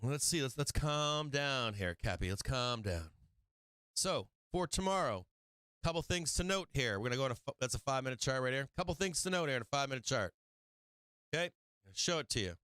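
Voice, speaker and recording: A brash man walking viewers through market charts on a live stream, excitable and quick to swear. His voice is smooth and resonant, medium in pitch. The sound is dry and close to the mic. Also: no room sound. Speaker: stock market show host.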